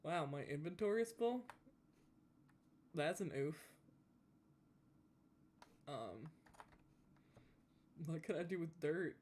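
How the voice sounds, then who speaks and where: Brief: young gamer, Southern drawl, loose rambling chat, mid-pitched voice. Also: sing-song, takes it slowly, long pauses, a little mellow, a little hiss or hum. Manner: rambling, full of "like" and restarts. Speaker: gaming YouTuber. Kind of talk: casual chat while gaming.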